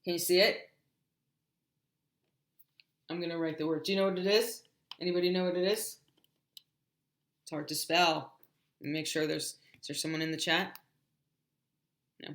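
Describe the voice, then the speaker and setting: A woman's voice: lowish voice, fairly even intonation, a bit bright, echoey room. A woman teaching English shapes on a livestream, chatty, often singing and stretching out words for children to repeat. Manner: sings and drills words slowly, chatty asides. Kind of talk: animated livestream lesson.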